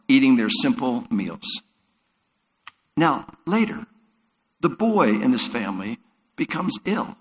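A man's voice: medium pitch, fairly bright tone. A man preaching a sermon as a pastor, retelling Bible stories vividly. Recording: long hall reverb.

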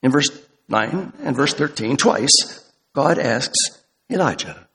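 Male pastor, mid-pitched, measured sermon delivery, slows down on quoted verses, hall reverb. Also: expressive, vocal fry, a bit bright. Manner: deliberate, slows for quoted scripture.

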